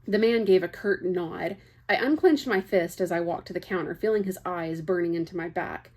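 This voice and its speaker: A woman's voice: on the low side, fairly quick, few pauses, darkish tone. A young woman reading a novel aloud, chatty, breaking off for casual asides. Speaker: book reader.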